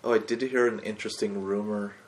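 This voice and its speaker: A man's voice: fairly low pitch, steady tone, fairly quick. A man co-hosting a casual gaming podcast, telling stories in an easygoing way. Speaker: podcast co-host.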